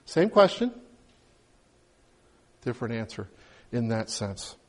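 A man's voice: medium pitch, sing-song, slow. A man preaching a conversational sermon, retelling the story with humor and acting out the characters' pleas with rising emotion. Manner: conversational, acts out biblical voices with rising emotion. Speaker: pastor.

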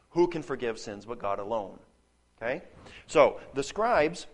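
A man with a slightly raised speaking pitch teaches a Bible passage in a lecture style. He thinks aloud, circling back and repeating words as he builds each point. He keeps checking in with his listeners through quick "okay?" and "right?" asides.

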